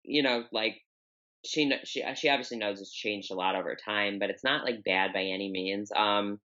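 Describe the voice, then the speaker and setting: Young woman guest, unusually deep voice, forceful tone, candid and rambling, dull lo-fi audio. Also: moderate pace. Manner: open, candid, rambling with many fillers. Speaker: podcast guest, bodybuilder. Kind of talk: casual interview talk.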